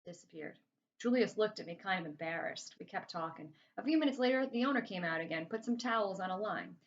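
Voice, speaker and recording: A woman's voice: medium pitch, expressive, fast, a little hiss or hum. A woman reading a children's novel aloud in a casual, chatty first-person storytelling way. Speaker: reader. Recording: slightly muffled lo-fi recording.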